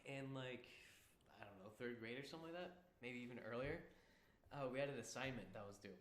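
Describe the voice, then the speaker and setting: A man's voice: mid-range voice, brisk, reverberant, slight background noise. A young man co-hosting a podcast, rambling through a school memory with frequent giggles in casual chat. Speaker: podcast co-host.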